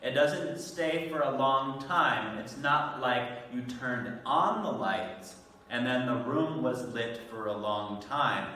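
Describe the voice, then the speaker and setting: A man teaching an online English vocabulary lesson, speaking slowly and patiently with careful pronunciation. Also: medium pitch, pushed and bright, recorded from a distance, a little hiss or hum. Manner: slow, patient, clearly enunciated teacher talk. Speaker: ESL teacher. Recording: echoey room, voice off-mic.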